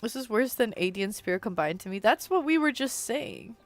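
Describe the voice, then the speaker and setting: A woman's voice: on the high side, big pitch swings, brisk, soft background music. A young adult woman chatting casually while streaming a game, rambling on and filling her speech with "like.". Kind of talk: casual live-stream chat while gaming.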